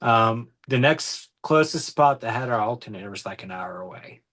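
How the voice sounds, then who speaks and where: A man's voice: mid-range voice, animated, normal speed, a bit bright. A young man, a podcast guest, chats casually and rambles, with lots of ums and false starts. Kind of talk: casual chat.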